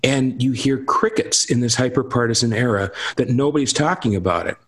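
A man's voice: mid-range voice, fairly quick, husky. A man giving emphatic commentary on politics in a lecturing, insistent manner. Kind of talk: political discussion.

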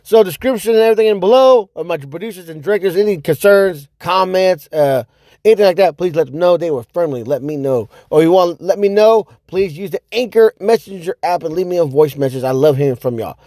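A man hosting his own podcast, telling a story in a loose, rambling way, with many fillers and repeats, and loudly acting out his own reactions. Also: high voice, fairly quick, no echo, studio quality. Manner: animated, acts out his own past reactions with sudden loud outbursts. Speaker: podcast host. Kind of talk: casual storytelling monologue.

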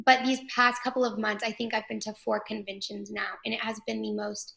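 A woman from Texas, an actress guest chatting enthusiastically in an interview, with frequent quick restarts. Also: mid-range voice, little pitch movement, vocal fry, sharp tone. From Texas, USA. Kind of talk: casual interview chat.

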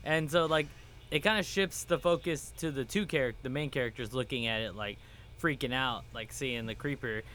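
A man casually explaining a movie scene, relaxed, often trailing off and restarting words. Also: mid-range voice, moderate pace. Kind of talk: casual movie recap chat.

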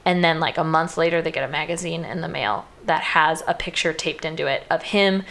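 A woman's voice: sits low, fairly quick, gravelly, fairly bright tone. Chatty woman retelling a film plot. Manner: chatty, uses lots of "like", acts out quoted lines.

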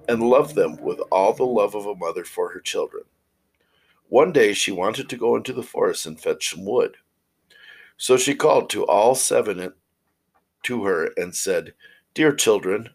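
A man reading old fairy tales aloud in a steady, measured way. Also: on the low side, slightly rough, low-quality recording. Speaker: storyteller.

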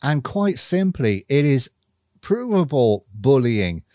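A man's voice: medium pitch, very animated, warm tone, no echo. Earnest man in a dry reflective monologue. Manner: earnest, measured, emphatic repetition.

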